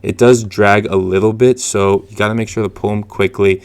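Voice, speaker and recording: A fishing-channel host talks through his footage in a relaxed, chatty voice-over, chuckling as he goes and leaning on fillers. His voice sits low with a gravelly fry. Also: moderate pace. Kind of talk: casual voice-over narration.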